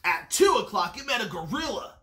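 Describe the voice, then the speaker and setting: A reader telling a picture-book story aloud to children with animated, expressive delivery. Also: medium pitch, brisk. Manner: animated storytelling with lively swings. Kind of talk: expressive read-aloud for kids. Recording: roomy echo.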